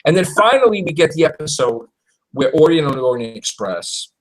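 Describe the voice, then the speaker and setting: Animated man ranting in casual chat. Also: fairly high pitch, fairly quick, poor audio. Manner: animated, exclaiming, acts out quotes.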